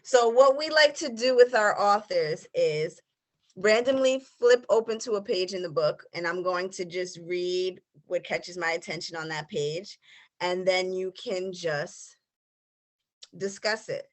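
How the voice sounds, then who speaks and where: A woman's voice: on the low side, a little slow. A woman hosting an author interview, chatty and friendly, reading passages aloud over a video call. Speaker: interviewer host.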